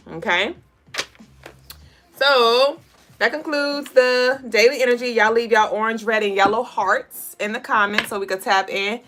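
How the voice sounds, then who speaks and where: A woman's voice: mid-range voice, a bit bright. A woman hosting a casual livestream of daily spiritual and tarot readings. She is chatty and profane, laughs often, and reads chat comments aloud.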